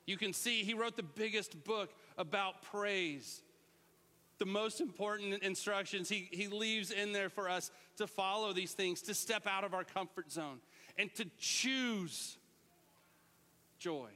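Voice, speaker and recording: A middle-aged man preaching a lively sermon, sometimes shouting out words to show what they mean. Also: high voice, unhurried, long reverb tail. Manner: animated, shouts out words to demonstrate. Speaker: pastor.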